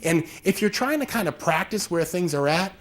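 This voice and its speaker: This man has a high-pitched, animated voice and a moderate pace. During his live workshop presentation he keeps things conversational, staging small scenes with quoted voices to make his points.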